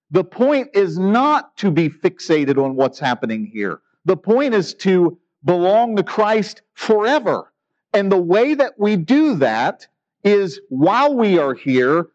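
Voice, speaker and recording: A man's voice: high voice, darkish tone, dull audio. A man preaching a sermon in an earnest, emphatic way, asking rhetorical questions. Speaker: pastor.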